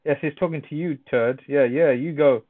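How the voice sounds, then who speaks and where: A man's voice: fairly high pitch, moderate pace, dry recording. Teasing man on a tinny voice chat. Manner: teasing, jokey, laughs a lot. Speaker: Minecraft let's player. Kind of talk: casual gaming chat. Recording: dry, phone-like voice chat.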